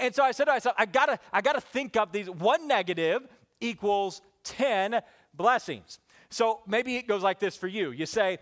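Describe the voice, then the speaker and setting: A man preaching a sermon to his congregation, swinging from emphatic outbursts down to soft, quiet reflection. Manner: animated, rising to emphatic peaks then dropping soft and low. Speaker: pastor. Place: church sanctuary with congregation.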